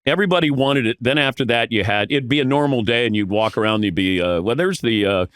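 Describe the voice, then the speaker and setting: A man telling animated anecdotes as a podcast guest, acting out the voices of the people in his stories. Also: medium pitch, fast talker, clean tone, no room sound, clean studio sound. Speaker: podcast guest, veteran sportscaster. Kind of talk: casual storytelling.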